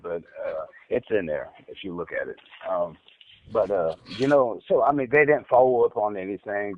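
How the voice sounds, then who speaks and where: A low-pitched male caller gives a casual account of an interrogation, stuttering and repeating words as he restarts his sentences. The phone line is tinny and dry, carrying a faint hiss or hum.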